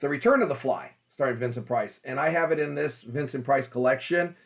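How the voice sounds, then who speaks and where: A man hosting a casual talk about old horror films, emphatic and animated, with many fillers. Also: medium pitch, a little fast, creaky, highs cut off. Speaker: host.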